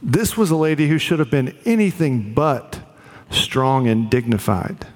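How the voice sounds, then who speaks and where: A man's voice: mid-range voice, a little slow, darkish tone, in a large hall. A man preaching a sermon as pastor, earnest and conversational, with fillers.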